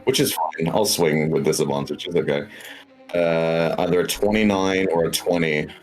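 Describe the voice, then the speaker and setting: A man's voice: low-pitched, moderate pace, poor audio. A man playing a tabletop game, methodically thinking aloud as he declares attacks and adds up dice. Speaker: player. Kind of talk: casual tabletop game talk.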